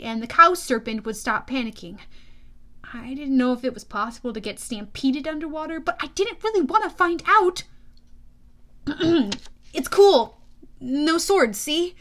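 High-voiced woman narrating an audiobook. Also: a little fast. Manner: lively, expressive storytelling with youthful energy. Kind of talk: first-person audiobook narration.

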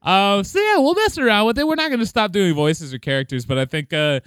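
A man's voice: high voice, lively intonation, fairly quick, a bit bright, dry recording, studio quality. Chatty male podcast host who laughs often. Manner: laughs often, drifts into playful put-on accents. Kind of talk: casual chat.

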